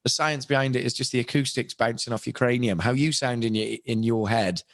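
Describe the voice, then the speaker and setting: On a casual podcast, a young British voice actor and impressionist with a British accent talks fairly quickly at medium pitch. His chat rambles and is self-deprecating, full of restarts. The recording is dry and of studio quality.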